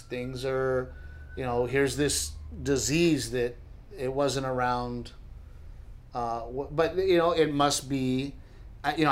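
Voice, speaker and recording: A middle-aged man, a comedian co-hosting a podcast, chatting casually and telling jokey stories, often mimicking other people. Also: medium pitch. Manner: joking, animated storyteller who mimics others. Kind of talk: casual chat.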